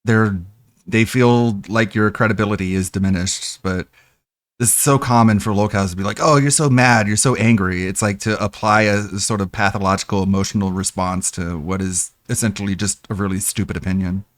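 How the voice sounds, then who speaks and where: Young male streamer, low voice, blunt and scornful, dry close mic. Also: flat delivery, a little fast, dry recording. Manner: blunt, scornful, swears freely. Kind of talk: casual stream commentary.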